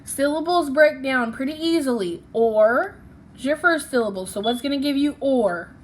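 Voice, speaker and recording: A woman's voice: sits high, moderate pace, a little hiss or hum. A woman teaching a phonics lesson, patiently sounding out syllables and letters one by one.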